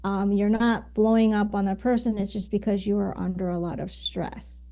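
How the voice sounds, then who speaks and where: In a conversational interview, a female communication coach lays out her ideas, leaning on fillers and tag questions. Her voice has a medium pitch, a steady, dark tone and a moderate pace.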